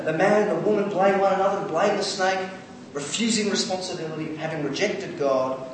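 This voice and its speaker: A man preaching a sermon, animated and lively, acting out quoted voices, with many fillers and restarts. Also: a little high, slight background noise. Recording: echoey hall, far from the mic.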